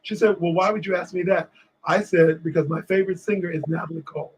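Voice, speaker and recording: A man from Washington, D.C., a guest on a talk show, telling lively stories and acting out what people said. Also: sits high, fast talker, rough recording. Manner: animated storyteller acting out quotes. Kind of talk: storytelling in a casual interview.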